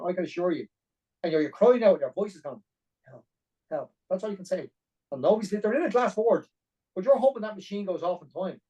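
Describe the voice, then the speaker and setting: A middle-aged man speaking quickly and bluntly, his voice mellow and warm. He tells his own story as a podcast guest and keeps saying "like" and "you know". The mic sits a little way off from him. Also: high voice, far from the mic, low-quality recording. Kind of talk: personal storytelling interview.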